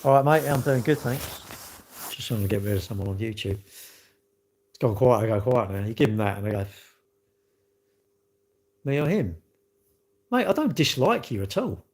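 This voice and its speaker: A man's voice: fairly low pitch, big pitch swings, fairly quick, a little mellow. Blunt man rambling to chat. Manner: blunt, rambling, with frequent restarts and rhetorical questions. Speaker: livestreamer answering chat. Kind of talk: casual live-stream chat.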